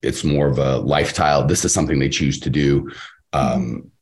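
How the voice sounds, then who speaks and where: A man in casual podcast conversation, giving business advice with an emphatic, animated delivery and playing out the voices he quotes. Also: extremely low pitch, normal speed. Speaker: podcast host and business coach.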